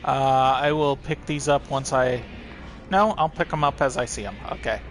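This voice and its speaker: A man's voice: medium pitch, normal speed, slight background noise. Chatty man narrating his gameplay. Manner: relaxed, chatty, thinking aloud while reading in-game documents. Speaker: let's play host. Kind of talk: casual gameplay commentary.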